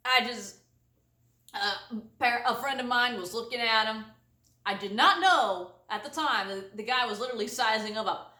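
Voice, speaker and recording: A woman vlogger telling a comic story to camera, exaggerated and animated, laughing often. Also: a little high, normal speed, reverberant, recorded from a distance. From United States.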